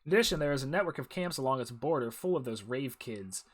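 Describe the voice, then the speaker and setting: A man's voice: mid-range voice, expressive, fast, natural voice. A man voicing a stern, by-the-book male jungle ranger officer, reading game dialogue aloud in a formal briefing tone.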